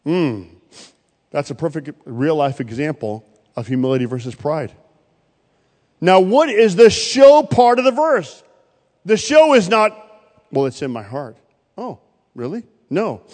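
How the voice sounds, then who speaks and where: High-voiced pastor in a reverberant hall. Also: male voice, sing-song, unhurried, long pauses. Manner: preaching with sudden loud rises and quiet drops. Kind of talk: sermon.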